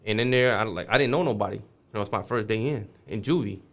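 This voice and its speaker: A man's voice: on the low side, fast, fairly bright tone. A man guest on a podcast, telling a street story casually, swearing freely and acting out the voices of the people in it.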